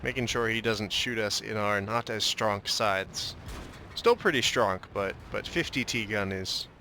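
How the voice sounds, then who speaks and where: Young male gameplay commentator, bright forward tone, joking mock-Russian asides, faint hiss behind. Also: lowish voice, measured pace. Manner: joking, drifts into a mock Russian tank-talk.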